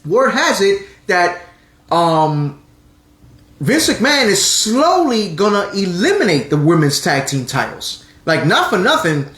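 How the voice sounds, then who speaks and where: Animated man in an echoey room. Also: high-pitched, unhurried. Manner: animated, talks over his co-host. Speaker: podcast host. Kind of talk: casual live-stream chat.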